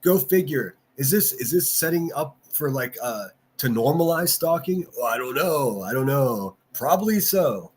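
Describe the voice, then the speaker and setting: A man's voice: medium pitch, expressive, moderate pace, few pauses, breathy edge. A man hosting a livestream, ranting and mocking in casual commentary and answering his chat. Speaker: livestream host.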